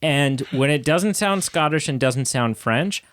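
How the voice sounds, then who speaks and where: A man co-hosting a movie podcast, talking emphatically in quick, jokey casual banter. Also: on the high side, animated, fairly bright tone, smooth, no room sound, clean studio sound. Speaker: podcast co-host. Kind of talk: casual movie review chat.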